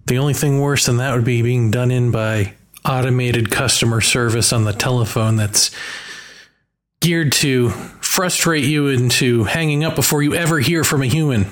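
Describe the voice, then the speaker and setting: A man's voice: medium pitch, moderate pace. A man talking in a casual monologue, musing and wry, drawing out his points.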